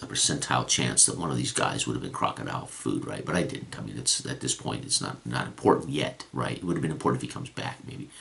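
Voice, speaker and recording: Male game master, rumbling bass voice with gravel; loose, rambling recap delivery. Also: fairly bright tone. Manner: rambling storytelling with frequent restarts. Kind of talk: recapping a tabletop game session.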